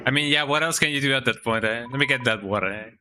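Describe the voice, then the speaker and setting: A man's voice: mid-range voice, quick pace, bright, forceful tone. A man streaming a video game, chatting casually and rambling with trailing fillers. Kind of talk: casual gameplay commentary. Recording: noisy background hiss.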